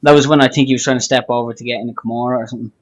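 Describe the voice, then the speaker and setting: An Irish man co-hosting a podcast, talking casually about a fight in an animated, rambling way with many fillers and restarts. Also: medium pitch, rapid-fire, highs cut off. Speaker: podcast co-host. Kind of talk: casual chat.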